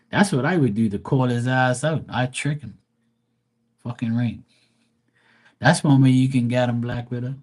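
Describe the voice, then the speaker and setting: A man's voice: mid-range voice, moderate pace, long pauses, darkish tone. A man hosting a live stream and chatting casually to his viewers, crude and boastful, rambling with lots of fillers. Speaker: live-stream host talking to chat.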